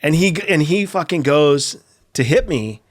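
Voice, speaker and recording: A man's voice: a little high, expressive, measured pace. A middle-aged man from California, a skate video filmer, telling a story casually in a podcast interview, profane and acting out the voices of the people he quotes.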